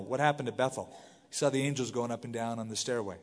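A middle-aged man, a pastor, giving a conversational verse-by-verse sermon, reading scripture aloud and adding lively asides. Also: mid-range voice, quick pace. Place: church sanctuary. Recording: long hall reverb from the sanctuary.

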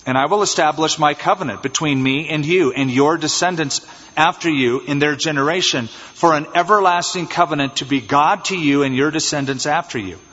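A man preaching an expository sermon as pastor, animated and acting out little scenes in changed voices. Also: a little high, brisk, husky. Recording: dull, reverberant church hall sound.

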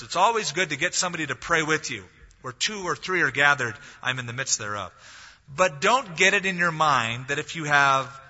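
Delivering a sermon, a pastor with a slightly high, pushed and bright voice narrates a story while performing the voices of the people in it. The audio is dull and lo-fi, with a long hall reverb.

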